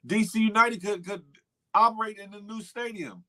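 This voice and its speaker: A man's voice: high voice, moderate pace, sharp tone. A man hosting a casual morning livestream, talking back to chat and repeating himself for emphasis. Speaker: morning show host reading live chat.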